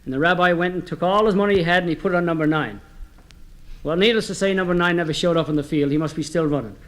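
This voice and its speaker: A man's voice: on the high side, fast, fairly bright tone. A man telling folksy jokes on a comedy record, chatty and homespun, speaking straight to his listeners. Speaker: comedy storyteller.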